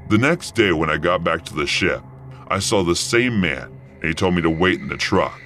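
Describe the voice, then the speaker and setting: A young man narrating a first-person horror story for an animated channel, with expressive storytelling. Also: deep voice, moderate pace, faint music behind. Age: young adult.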